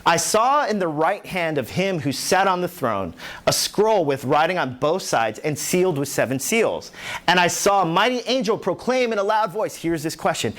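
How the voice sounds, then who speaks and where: A man preaching a sermon as pastor, animated, acting out the voices in the scripture he tells. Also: high-pitched, normal speed. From New York.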